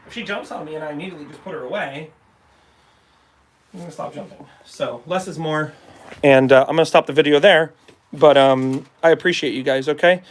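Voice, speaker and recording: A man's voice: on the high side, fairly quick. A man talking as a dog trainer in a casual live demonstration, chatting to his viewers and coaxing a dog along. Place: at home with a dog, partly in the yard.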